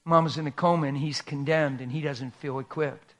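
A man's voice: fairly high pitch, steady tone, fairly quick, a bit bright. A man preaching a sermon as a pastor, telling a story in a dramatic, folksy and emphatic way.

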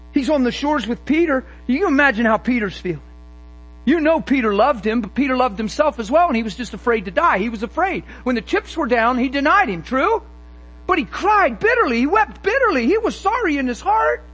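Fervent preacher with a very high voice. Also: male voice, fairly bright tone, rough recording. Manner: fervent, emphatic, rhetorical questions. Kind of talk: sermon.

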